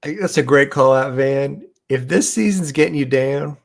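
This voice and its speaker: A man's voice: mid-range voice, moderate pace, gravelly. A man co-hosting a casual podcast, speaking in brief, matter-of-fact remarks. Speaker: podcast co-host. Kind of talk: casual chat.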